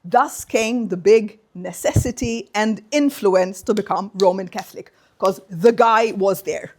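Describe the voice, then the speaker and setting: A woman's voice: mid-range voice, measured pace, darkish tone. A woman from Malta, giving a university seminar talk and playfully drilling the audience in phrases. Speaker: guest speaker.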